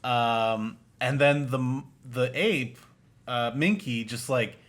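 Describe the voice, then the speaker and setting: A man in casual podcast banter, talking in a loose, rambling way. He is sarcastic and fills his speech with restarts and fillers, at an ordinary, mid-range pitch. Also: slow pace, a bit bright. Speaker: podcast co-host. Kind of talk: casual film-review banter.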